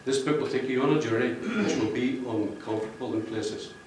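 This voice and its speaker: A man's voice: medium pitch, a little fast, darkish tone, slight background noise. Man speaking in an echoey room. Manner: jokey, rambling, laughs at his own jokes. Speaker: book cover artist speaking at a launch. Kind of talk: public speech to an audience. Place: function room with an audience. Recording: echoey room, distant mic.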